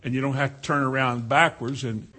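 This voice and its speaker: A man's voice: medium pitch, steady tone, fairly quick, sharp tone. A man preaching a sermon in a folksy way, now and then mimicking slang with a laugh.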